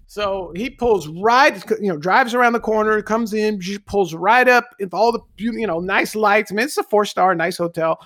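A middle-aged man, a guest, telling a personal anecdote in a casual, animated way and acting out the voices he quotes. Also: high voice, normal speed, hardly any pauses, no room sound. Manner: animated storyteller who acts out quoted voices.

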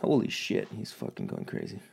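A man casually vlogging from home, a profane, animated storyteller who rants about his day. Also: fairly quick. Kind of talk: casual rambling monologue.

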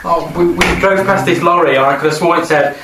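A man playing a tabletop game, calm and hesitant, in casual chat. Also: fairly high pitch, brisk. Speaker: player. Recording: roomy, distant mic with background noise.

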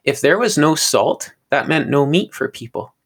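A man's voice: on the high side, lively intonation, normal speed, vocal fry, fairly bright tone, slightly rough. A man teaching on a podcast in an earnest, sermon-like way, often stumbling and repeating words. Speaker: podcast co-host teaching on scripture.

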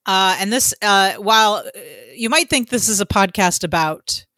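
A woman's voice: mid-range voice, normal speed, bright, forceful tone, dry recording, clean studio sound. A woman co-hosting a casual podcast, chatty and loose, with lots of ums and the odd swear word. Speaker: podcast co-host. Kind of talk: casual chat.

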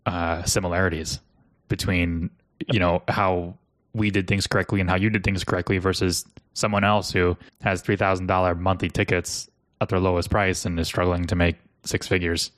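A man's voice: sits low, little pitch movement, moderate pace, a bit bright, no room sound, clean studio sound. A man hosting a podcast interview, talking in a casual, chatty way with fillers. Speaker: podcast host.

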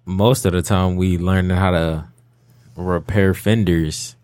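A teenage boy answering questions in a casual interview, laid-back with short halting answers. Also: low-pitched, fairly even intonation, darkish tone, clean tone, dry recording, clean studio sound. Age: teens. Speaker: student guest.

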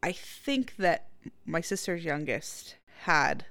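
A woman's voice: low voice, animated, slow pace, vocal fry, a bit bright, no echo. A woman co-hosting a podcast in casual chat, tired, with a dry teasing way of talking. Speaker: podcast co-host.

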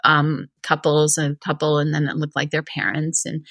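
A middle-aged woman from Vermont, a wellness coach telling a personal story in a chatty interview, full of "like" and animated retellings. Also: low-pitched, moderate pace, hardly any pauses, no echo. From Vermont, USA. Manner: chatty, heavy use of filler "like", animated retelling.

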